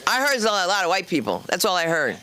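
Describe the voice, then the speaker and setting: Animated woman hosting a comedy stage. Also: lowish voice, fast talker, slight background noise. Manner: animated, chatty, teasing the audience. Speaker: comedy show host. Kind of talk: stand-up crowd work.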